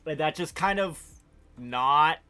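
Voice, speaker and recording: A man's voice: on the high side, takes it slowly, sharp tone, clean tone, soft background music. A man co-hosting a casual stream chat, rambling with lots of ums and likes. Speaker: streamer co-host.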